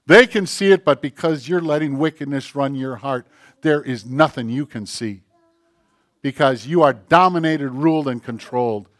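A middle-aged man preaching a sermon, animated and self-mocking, firing off rhetorical questions. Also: medium pitch, moderate pace, dry recording, studio quality. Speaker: pastor.

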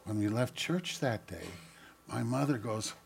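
An older man, a pastor, giving a gentle storytelling children's sermon and speaking directly to the kids. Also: medium pitch, expressive, measured pace, vocal fry, a little hiss or hum.

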